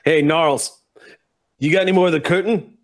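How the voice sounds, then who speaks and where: A man's voice: fairly high pitch, fairly even intonation, normal speed, pitched above the performer's own voice, close to an everyday voice. A man voicing a crude, nosy male Redcap fae who swears freely and pries bluntly, in a tabletop role-play. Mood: sardonic.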